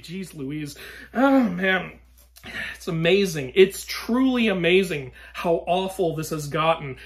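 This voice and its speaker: A young man giving a ranting movie review, exasperated and swearing, swinging between loud outbursts and weary sighs. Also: sits high, animated, takes it slowly.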